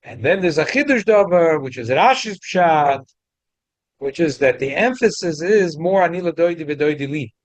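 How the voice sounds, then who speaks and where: A man teaching a weekly Torah class, mixing casual English explanation with rapid readings of Hebrew text. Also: a little high, expressive, no room sound, rough recording.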